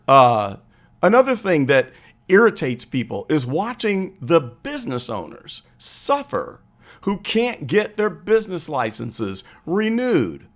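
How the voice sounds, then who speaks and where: Animated man hosting political commentary. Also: fairly high pitch. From Chicago. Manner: earnest, storytelling with acted-out quotes. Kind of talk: live stream commentary.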